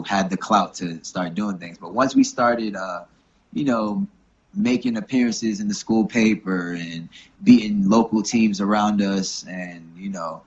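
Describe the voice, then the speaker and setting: Young guy with a lowish voice, chill and chatty, lots of fillers, muffled audio. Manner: relaxed, many fillers like "you know what I'm saying". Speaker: rugby coach, guest. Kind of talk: casual interview talk.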